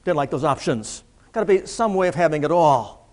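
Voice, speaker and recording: A man's voice: on the high side, lively intonation, fairly quick. A middle-aged man giving a humorous keynote speech to a live audience as a motivational speaker, telling stories with punchline timing. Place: large room with audience.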